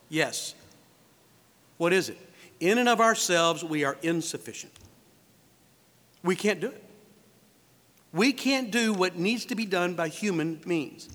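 A man's voice: high voice, fairly bright tone. A man preaching a sermon as pastor, asking rhetorical questions and acting out the voices he quotes. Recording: reverberant hall.

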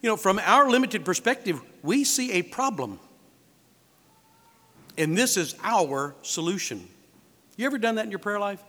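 A man's voice: high-pitched, animated, normal speed, pauses often, a bit bright. A man preaching a sermon as pastor, asking rhetorical questions and acting out the voices he quotes. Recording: reverberant hall.

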